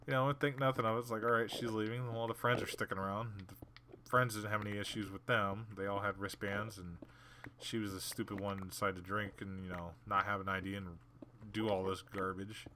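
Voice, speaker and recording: While gaming, a man with a lowish voice briskly and animatedly narrates a story, voicing the people in it with blunt sarcasm. A little hiss or hum sits in the recording.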